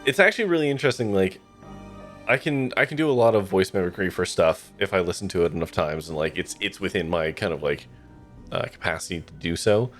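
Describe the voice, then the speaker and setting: A man's voice: low voice, animated, fairly quick, faint music behind. A man streaming a game, chatting casually in a rambling way with lots of fillers. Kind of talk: casual let's-play commentary.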